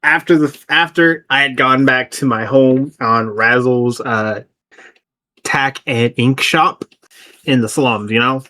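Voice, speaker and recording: A man's voice: mid-range voice, takes it slowly, bright, forceful tone. A man playing a tabletop game, rambling casually and laughing through his lines. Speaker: player.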